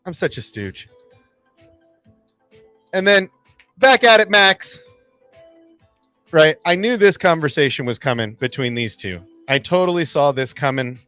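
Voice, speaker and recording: A man hosting a fan channel, recapping an episode in casual livestream chat, excitable and acting out lines in voices. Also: on the high side, a little slow, pauses often, dry recording, faint music behind. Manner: excitable, acts out quotes in voices.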